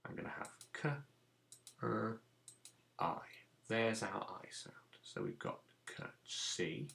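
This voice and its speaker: Slow, gravelly-voiced male phonics teacher. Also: low-pitched, big pitch swings, a bit bright. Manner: patient, slow and instructive, sounding out letters. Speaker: primary school teacher. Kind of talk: recorded phonics lesson for young children.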